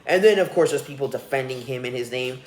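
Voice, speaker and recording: A man's voice: mid-range voice, quick pace. A young man hosting a solo podcast, ranting with profanity and scorn. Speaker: podcast host. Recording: roomy echo.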